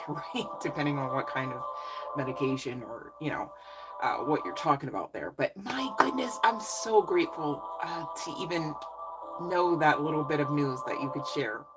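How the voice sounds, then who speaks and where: Woman, deep voice, psychic reader, effusive, encouraging, chatty, music playing behind. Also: rough recording. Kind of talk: casual live reading chat.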